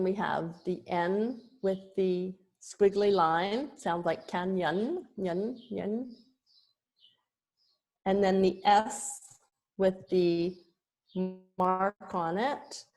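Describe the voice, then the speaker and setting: A woman's voice: mid-range voice, fairly even intonation, a little mellow. A woman yoga teacher explaining Sanskrit pronunciation, sounding out letters one by one. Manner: explanatory, demonstrates sounds slowly.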